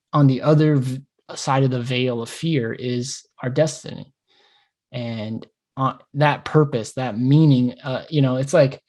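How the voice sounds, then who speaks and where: A man's voice: mid-range voice, a little mellow. A man co-hosting a casual podcast, ranting passionately and swearing freely, often acting out his own thoughts in quoted asides. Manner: passionate rambling rant with swearing. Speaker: podcast co-host.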